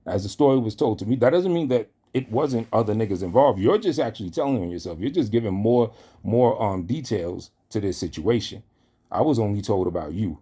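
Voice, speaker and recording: An online commentator, he has a lowish, mellow voice with a breathy edge and talks animatedly and fairly quickly. He is heatedly calling someone out, cursing and speaking directly to them.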